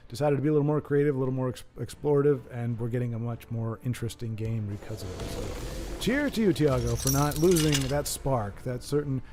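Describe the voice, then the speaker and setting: Brisk and medium-pitched, a man commentates a card game match on his live stream, joking, rambling, and poking fun at himself as he talks with viewers. Background music plays, and the background is noisy.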